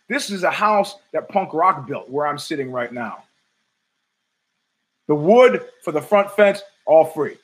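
In this rough recording, a man broadcasts his own show from home as a podcast host, delivering solo commentary that is profane, sardonic and digressive. He has a medium-pitched voice with a fairly bright tone.

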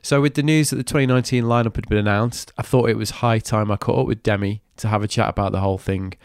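A cheeky, enthusiastic podcast host from Manchester, England, nasal from a cold, swears casually while running a scripted intro and then casual interview chat. He talks fast in a fairly low, smooth voice with fairly even intonation. The recording is dry and clean, studio-grade.

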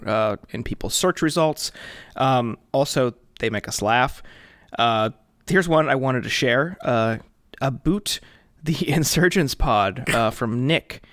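A man's voice: medium pitch, fairly bright tone, no room sound, studio quality. A man co-hosting a podcast, laid-back and joking, with many fillers. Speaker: podcast co-host. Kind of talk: casual podcast chat.

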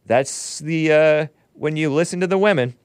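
A man's voice: fairly high pitch, moderate pace, smooth, no room sound, studio quality. A man hosting his own commentary show, reading news aloud and scoffing at it with sarcastic asides. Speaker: host. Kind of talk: opinionated commentary show monologue.

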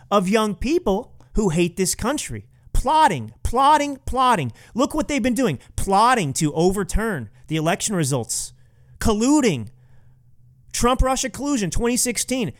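A man hosting a political commentary podcast, talking in a sarcastic, mocking way. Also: high-pitched. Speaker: podcast host.

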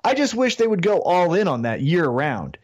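A man's voice: sits high, very animated, normal speed, darkish tone, muffled recording. A man co-hosting a wrestling podcast, ranting animatedly with plenty of swearing in casual chat. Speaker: podcast co-host.

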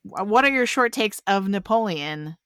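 A woman's voice: mid-range voice, lively intonation, moderate pace, a bit bright, clean tone, no echo, studio quality. A woman hosting a casual film podcast, upbeat and laughing often as she steers the conversation. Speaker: podcast host.

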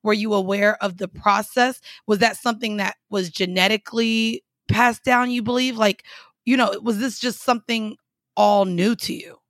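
A woman's voice: medium pitch, fairly even intonation, moderate pace, no echo, clean studio sound. Chatty woman podcast host. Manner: reactive, asks probing follow-up questions. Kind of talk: casual interview chat.

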